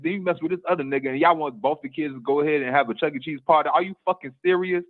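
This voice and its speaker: A man's voice: a little high, rapid-fire, few pauses. Exasperated man ranting over a tinny line. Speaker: guest podcaster. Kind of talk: casual ranting commentary.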